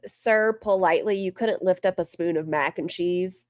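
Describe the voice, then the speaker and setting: A woman's voice: fairly low pitch, normal speed, darkish tone, dry recording, clean studio sound. A woman co-hosting a live reaction stream, chatting casually with sarcastic jokes. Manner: sarcastic, joking. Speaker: co-host.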